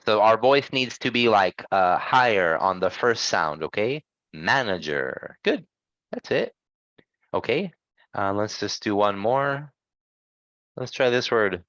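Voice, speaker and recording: Man teaching pronunciation, slow and lively, encouraging, dry dull online audio. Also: fairly low pitch, no echo. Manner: patient, encouraging, corrects grammar gently. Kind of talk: online language lesson.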